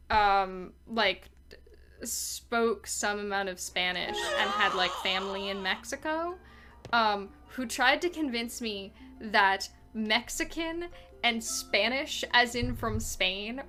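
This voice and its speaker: A woman streaming a speedrun, chatting casually and rambling, laughing often. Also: a little high. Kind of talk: casual chat while playing. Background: game music.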